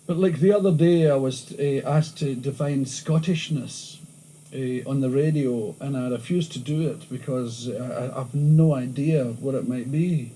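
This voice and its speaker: Glaswegian man in a lively interview. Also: mid-range voice, unhurried, breathy edge, poor audio. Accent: Glasgow. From Scotland. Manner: animated storytelling, frequent restarts. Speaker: interviewee, comedian. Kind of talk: candid interview chat. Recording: old VHS tape with faint hiss.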